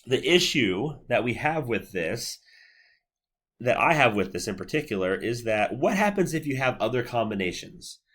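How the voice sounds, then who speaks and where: A man lecturing on psychology in a relaxed, conversational way, walking through examples step by step and checking in with his listeners. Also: medium pitch, normal speed, husky. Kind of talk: recorded university lecture.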